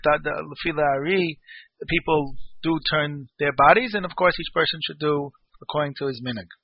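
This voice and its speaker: Guy teaching a torah law class, reads then explains, a bit high, dry and muffled. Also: no room sound. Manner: reads Hebrew phrases then explains in English. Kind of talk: reading and explaining a law text.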